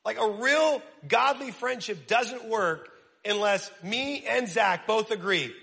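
High, gravelly-voiced male preacher. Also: slow, big-room sound. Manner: energetic, casual and self-deprecating. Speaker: pastor. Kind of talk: sermon.

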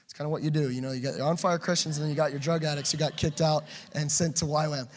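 A man preaching a passionate sermon, swinging between loud urging and quiet asides. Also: on the high side, steady tone, fast talker.

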